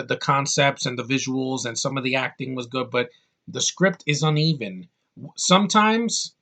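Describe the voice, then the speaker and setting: A man's voice: mid-range voice, a bit bright. Angry man ranting about a film. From United States. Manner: angry, profane ranting with sarcastic asides. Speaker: movie reviewer.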